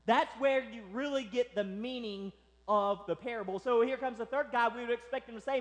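A male pastor preaching a sermon, telling the story in a lively way and acting out its characters. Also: high-pitched, normal speed, big-room sound.

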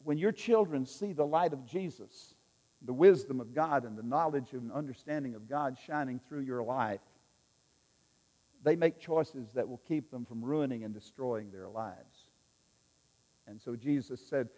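A man's voice: mid-range voice, measured pace, darkish tone. A man preaching a sermon, emphatic and repetitive, leading his listeners in repeating lines. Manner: emphatic, repetitive, leads the audience in call-and-response. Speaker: pastor. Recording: long reverb in a large hall.

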